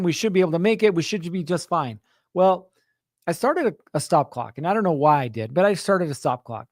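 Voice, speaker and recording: A man's voice: on the high side, dry recording, studio quality. A man hosting a show for contractors, casually telling a story to his audience and acting out the quotes, often checking in with "right?". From Utah. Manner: animated, acts out quotes, frequent "right?" asides. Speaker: host of a contractor business show.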